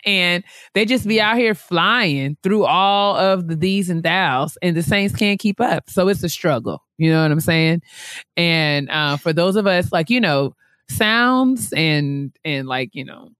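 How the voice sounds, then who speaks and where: Low-voiced woman podcast co-host. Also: measured pace, fairly bright tone, clean tone, no room sound, studio quality. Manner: chatty, repeats herself, frequent fillers and laughs. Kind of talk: casual podcast chat.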